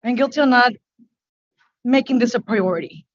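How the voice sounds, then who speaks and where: A woman speaking English as her second language, a business owner testifying before a board in a halting, earnest, emotional way. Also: a little high, lively intonation, lo-fi sound. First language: not English. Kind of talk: testimony at a public hearing. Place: hearing room.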